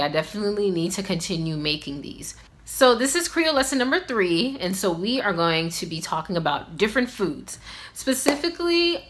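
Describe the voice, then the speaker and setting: A woman's voice: fairly low pitch, a bit bright. A young woman hosting a casual video language lesson, chatty and upbeat, with lots of filler words. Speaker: language teacher vlogger.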